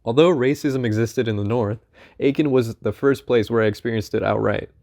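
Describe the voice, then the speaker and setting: A man reading a first-person memoir aloud in an unhurried, conversational storytelling manner. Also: medium pitch, a little mellow. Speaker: audiobook narrator.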